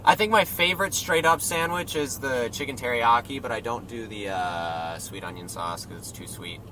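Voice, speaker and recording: Young man telling animated stories in a car. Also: mid-range voice, normal speed. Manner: animated storyteller who acts out quotes and swears freely. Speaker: stand-up comedian guest. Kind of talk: casual chat in a moving car. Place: inside a car driving through a city. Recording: car and road noise.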